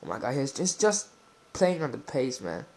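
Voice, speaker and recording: A man giving live commentary while playing a football video game, exclaiming and swearing excitedly at the action. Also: medium pitch, normal speed.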